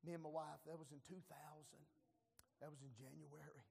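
Gravelly preacher in an echoing church. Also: male voice, on the high side, little pitch movement, brisk, slight background noise. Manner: storytelling, breaks into loud shouted prayers, folksy and joking. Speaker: pastor. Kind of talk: sermon. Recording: long echoey church reverb.

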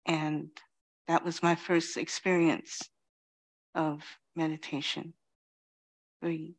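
A middle-aged woman from Queens giving a reflective dharma talk as a Zen teacher, pausing often and saying "you know". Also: sits low, level tone. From Queens, New York City. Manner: slow, reflective, many pauses and "you know".

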